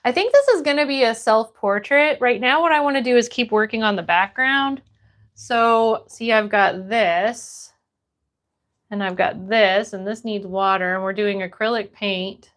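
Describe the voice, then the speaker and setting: A woman's voice: a little high, unhurried, a bit bright. A woman from Florida hosting a casual livestream, reading viewer messages aloud and answering them as she paints. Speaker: livestream host.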